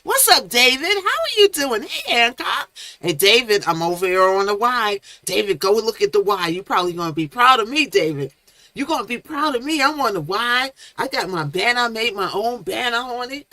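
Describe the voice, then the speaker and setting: Woman w/ doing a chatty live stream, bright sharp voice, dry close sound. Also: medium pitch, animated, a little fast, no echo. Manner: chatty, reads chat names aloud, playful made-up words. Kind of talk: casual live-stream commentary.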